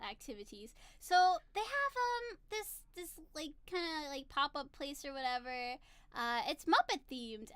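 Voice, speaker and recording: A woman's voice: sits high, bright, forceful tone, smooth, no echo. A woman in her thirties chatting casually to camera, telling a story in a bubbly, giggly, gushing way. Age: 30s. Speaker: vlogger. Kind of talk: casual chat.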